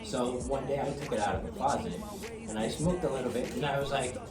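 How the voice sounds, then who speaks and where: A man spins a rambling, foul-mouthed story in a relaxed smoke session, getting loud and laughing as he goes. He sits a little away from the mic in an echoey room, with music playing clearly behind him. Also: mid-range voice, fast talker. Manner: animated, swearing, laughing through stories. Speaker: guest. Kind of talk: casual storytelling. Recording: roomy echo, distant mic, music behind.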